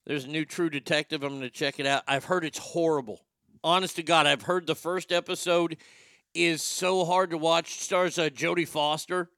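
A man's voice: fairly high pitch, fairly even intonation, moderate pace, sharp tone, clear, resonant tone, dry recording, studio quality. A man hosting a vlog, ranting in a crude, opinionated monologue and stammering over his words. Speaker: vlog host.

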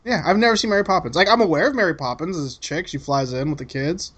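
A man's voice: fairly high pitch, fast talker, a bit bright, breathy edge. Laid-back, swearing man chatting casually. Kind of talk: casual chat.

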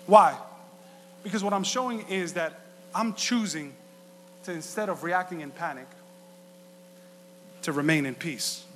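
A man preaching a sermon as pastor, passionate and swinging from quiet to shouting. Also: on the high side, normal speed, long pauses, a little hiss or hum. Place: church sanctuary. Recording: reverberant hall.

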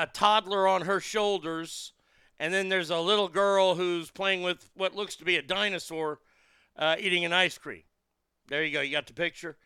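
A man with a high, bright voice and a gravelly edge hosts a show, reading stories aloud and tearing into them with crude, profane mockery. His voice is close and dry, with no room around it. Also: no echo. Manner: mocking, profane, laughing at what he reads. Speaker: show host. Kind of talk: crude comedic commentary.

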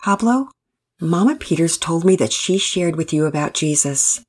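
A woman voicing a patient but firm father in a storybook, speaking calmly and steadily. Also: low voice, moderate pace, husky.

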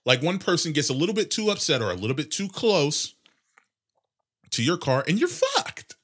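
A young man in his twenties hosting a casual solo podcast, rambling and sarcastic with heavy swearing, his nose congested and clearing his throat. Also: fairly high pitch, expressive, moderate pace, fairly bright tone. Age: 20s. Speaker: podcast host.

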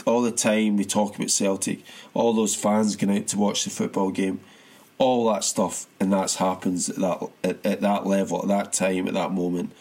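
A man's voice: lowish voice, a little mellow, slightly rough. A man chatting casually about football as a podcast co-host, rambling with many restarts and laughs.

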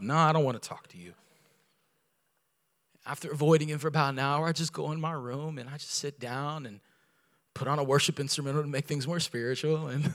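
A man preaching a sermon as a guest pastor, telling a personal story with lively voices and building to loud, fervent preaching. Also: mid-range voice. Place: church sanctuary.

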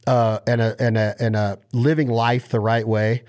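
A man in casual chat, telling stories in an animated, excitable way. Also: mid-range voice, moderate pace.

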